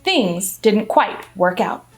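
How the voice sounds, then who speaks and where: Animated woman reading a picture book aloud. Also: mid-range voice, slow pace. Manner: animated, asks the audience questions. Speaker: children's librarian. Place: library. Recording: echoey room, faint music.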